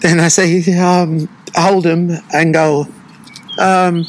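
A man with a fairly high voice speaks in a slow, reflective way, pausing often and leaning on fillers as he explains his teaching. He is a breathwork retreat teacher talking in an interview. A faint hiss of background noise sits under his voice. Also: little pitch movement, poor audio.

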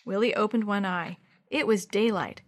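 A woman's voice: mid-range voice, normal speed. A woman reading a children's chapter book aloud in a scripted narration, lifting her voice for the dialogue. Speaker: storybook reader.

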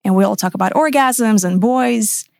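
A woman's voice: fairly high pitch, moderate pace, vocal fry, no room sound, clean studio sound. A woman in her thirties, a podcast guest, telling her personal story frankly and emphatically, sometimes swearing.

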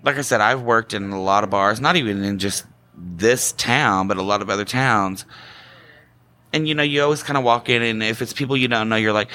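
A man's voice: on the low side, normal speed, bright, forceful tone. A man who is a longtime drag performer, talking casually in an interview and acting out the greetings he gives people. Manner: chatty, acts out quoted greetings.

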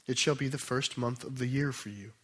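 A man preaching a sermon, explaining scripture in a conversational way, then reading a passage aloud slowly and softly. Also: mid-range voice, slightly rough. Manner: conversational teaching with restarts, slow and soft when reading scripture.

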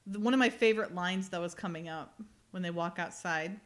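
A woman's voice: on the low side, fairly quick, fairly bright tone. A woman casually recapping a TV episode with friends, retelling scenes and quoting the characters. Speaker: podcast co-host.

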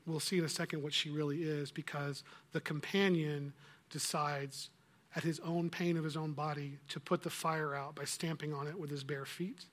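A man preaching a sermon, retelling a story with animated, emphatic delivery and quoting scripture. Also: a little high.

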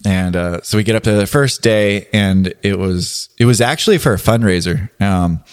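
A man who is an adaptive athlete, telling stories in a relaxed podcast chat with frequent laughter. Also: on the low side, normal speed. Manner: laughing, animated storyteller. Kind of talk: casual storytelling.

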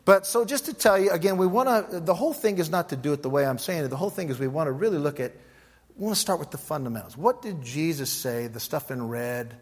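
A man's voice: on the high side, fast, breathy edge. A middle-aged man, a pastor, teaching a sermon and telling a story by acting out both sides of the dialogue.

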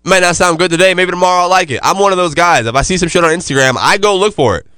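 A man's voice: high-pitched, very fast, pushed and bright, clear, resonant tone, no room sound, clean studio sound. A man hosting a casual podcast, talking loosely with lots of slang and fillers. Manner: laid-back, loose slangy delivery with many fillers. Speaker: podcast host.

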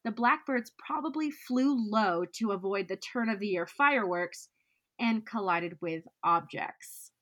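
A woman's voice: mid-range voice, measured pace, fairly bright tone. A woman co-hosting a podcast, reading out facts with playful asides in a casual chat. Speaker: podcast co-host.

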